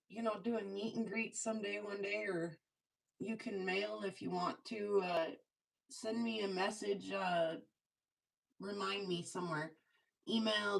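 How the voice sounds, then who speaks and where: A woman's voice: medium pitch, creaky, breathy edge, rough recording. A woman hosting a casual craft livestream, chatting while she works, laughing often and making fun of herself. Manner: chatty, laughs often, self-mocking asides. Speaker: livestream host making jewelry.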